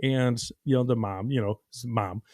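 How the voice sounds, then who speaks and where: A man hosting a podcast tells a story in an animated, casual way. He acts out the dialogue and uses plenty of fillers. His voice sits at a middle pitch, and the recording is dry and close. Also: moderate pace, no echo. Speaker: podcast host.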